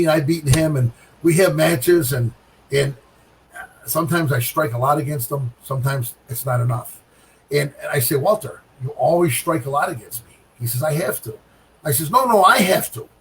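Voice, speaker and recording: A middle-aged man telling a bowling story in casual chat, animated, with sound effects and repeated phrases. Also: on the high side, breathy edge, far from the mic, low-quality recording. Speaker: guest pro bowler.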